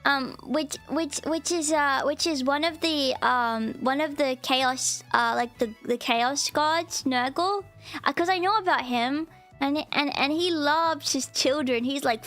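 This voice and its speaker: A woman's voice: high voice, a bit bright. A woman streamer chatting casually and playfully with her viewers, often thanking them. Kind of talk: casual live-stream chat.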